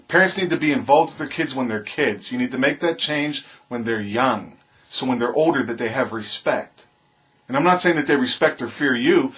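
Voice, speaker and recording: A man's voice: fairly high pitch, fairly bright tone. A man vlogging his opinion in an impassioned, preachy monologue, repeating his appeals to the viewer. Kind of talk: earnest opinion monologue to camera.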